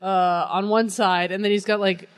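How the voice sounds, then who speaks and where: A woman's voice: medium pitch, steady tone, normal speed. A woman co-hosting a podcast, chatting casually and playfully, joking and laughing often. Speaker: podcast co-host. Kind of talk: casual chat.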